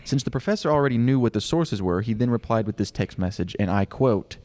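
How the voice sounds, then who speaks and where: A man co-hosting a casual podcast, reading listener letters aloud and slowing down for the quoted parts. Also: mid-range voice, lively intonation, a little mellow. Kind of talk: casual chat.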